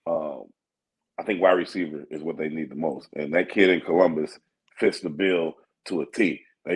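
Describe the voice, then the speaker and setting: Low-voiced man talking sports. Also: rough recording. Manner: laid-back, thinks aloud with many fillers. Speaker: sports radio co-host. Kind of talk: casual sports talk.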